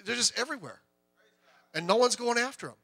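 A middle-aged man, a pastor, preaching a conversational, joking sermon with lively delivery. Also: extremely high pitch, fast talker, gravelly, faint music behind.

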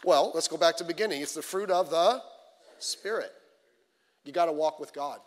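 Pastor, man, high voice, chatty sermon delivery with acted-out quotes, echoing church hall. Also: normal speed. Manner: conversational, animated storytelling with acted quotes. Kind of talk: midweek sermon. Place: church sanctuary. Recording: long reverb of a church hall.

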